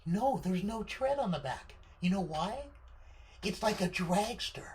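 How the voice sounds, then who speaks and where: A man's voice: high-pitched, animated, measured pace, darkish tone, a little hiss or hum. A man voicing his mother, an upbeat woman who coaxes her young son in a matter-of-fact way. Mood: coaxing.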